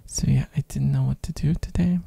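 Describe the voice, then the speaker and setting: An ASMR streamer rambling in a soft-spoken way, hoarse from a throat infection, with lots of fillers and little giggles, close on a binaural mic. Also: medium pitch, steady tone, a little fast.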